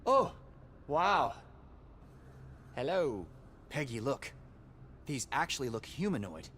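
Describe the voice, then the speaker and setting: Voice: mid-range voice, sing-song, slow, a bit bright, slight background noise. An actor voicing a curious, eager boy adventurer in a game. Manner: eager, chatty.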